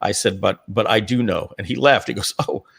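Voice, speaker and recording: A middle-aged man, a company founder, telling a long personal story in a live Q&A, rambling with many restarts and frequent throat-clearing. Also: on the low side, a little fast, a bit bright.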